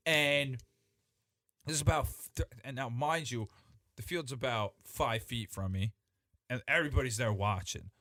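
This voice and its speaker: A man telling a story as a podcast guest in casual chat, animated and profane, with many restarts. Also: mid-range voice, measured pace, no room sound, clean studio sound.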